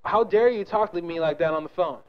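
High-voiced goading prank caller. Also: male voice, brisk, clear, resonant tone, highs cut off. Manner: goading, crude, mock-innocent. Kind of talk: prank phone call.

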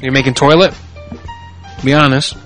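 A man's voice: mid-range voice, fairly even intonation, moderate pace, a bit bright, soft background music, poor audio. A man hosting a podcast in casual chat, crude and joking, swearing freely. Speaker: podcast host.

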